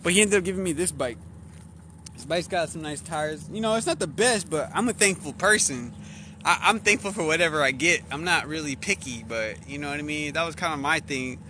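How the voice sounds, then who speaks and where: A man recounts a personal story at a quick clip, his voice notably bright and forward. He talks in loose slang and keeps jumping into the voices of the people in it. His pitch sits a little above the usual. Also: a little hiss or hum. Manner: slangy and animated, acting out quoted dialogue. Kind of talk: casual spoken storytelling.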